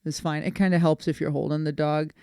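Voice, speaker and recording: Gal from the boston area, dog trainer, chatty storyteller who keeps laughing, smooth clear voice, dry close mic. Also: female voice, sits low, fast, no echo. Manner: animated storyteller, laughs often. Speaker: dog trainer, podcast co-host. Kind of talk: casual chat.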